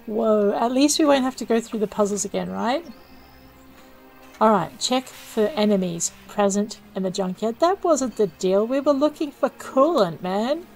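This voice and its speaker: A woman's voice: a little high, expressive, moderate pace, creaky, darkish tone, soft background music, poor audio. A woman giving casual, self-mocking commentary while playing a video game, thinking aloud as she goes. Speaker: let's play gamer.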